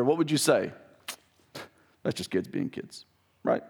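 A man in his thirties giving a conversational sermon as pastor, emphatic and animated with joking asides. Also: a little high, fairly quick, long pauses.

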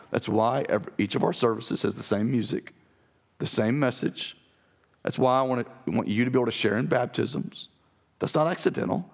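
Raspy-voiced pastor man preaching. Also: medium pitch. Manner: earnest, direct, talks straight to the congregation. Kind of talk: sermon. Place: church sanctuary.

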